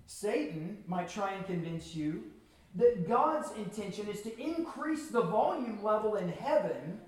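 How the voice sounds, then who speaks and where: High-voiced man preaching in an echoey hall. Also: big pitch swings, darkish tone, recorded from a distance. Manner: earnest preaching with emphatic pauses. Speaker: pastor. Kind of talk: sermon. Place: church sanctuary.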